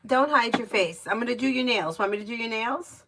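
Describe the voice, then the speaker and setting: A woman's voice: on the high side, brisk, background noise. A middle-aged woman chatting casually at home on a livestream, laughing easily and telling stories before giving tarot readings. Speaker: tarot reader. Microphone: phone or webcam stream.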